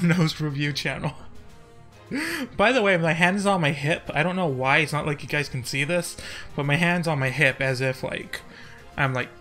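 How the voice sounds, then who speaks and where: A man with a somewhat high, bright, forceful voice chats loosely on a live stream and giggles as he pokes fun at himself. He rambles from one remark to the next with a casual, self-mocking manner. Faint music plays underneath. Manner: giggly, self-deprecating, joking. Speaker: YouTuber reading live chat.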